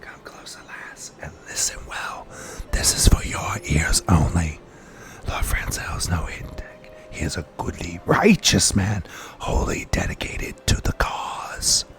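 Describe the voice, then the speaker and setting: A man's voice: low voice, sing-song, unhurried, a bit bright, voice pushed down, exaggerated voice. A man voicing a secretive, loyal male servant from a fantasy game in whispered role-play, urgent and conspiratorial.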